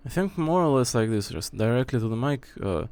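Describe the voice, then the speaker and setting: A man's voice: mid-range voice, animated, brisk, darkish tone. A man in his late twenties chatting casually on his stream, rambling and hesitant as he thinks aloud with many fillers. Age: 20s. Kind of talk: casual chat.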